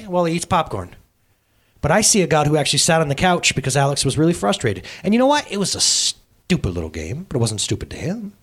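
A man in his thirties preaching a sermon as pastor, telling a story in a casual, animated way. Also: high-pitched, a little fast.

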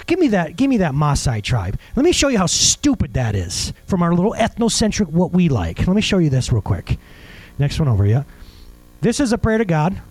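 A male pastor preaching a sermon in an animated way, firing rhetorical questions and jokey asides. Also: fairly high pitch, fairly quick, no echo, low-quality recording.

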